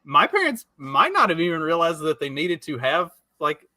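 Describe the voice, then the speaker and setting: A man co-hosting a casual talk stream, animated and crude, with many filler words. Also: a little high, normal speed, no echo. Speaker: podcast co-host. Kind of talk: casual chat.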